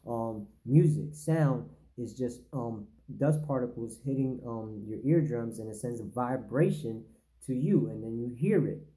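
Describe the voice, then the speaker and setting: A man's voice: medium pitch, a little slow, mellow, rough recording. A man reading a text aloud to his listeners and breaking off for casual asides, often stumbling and repeating words. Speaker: channel host reading and commenting.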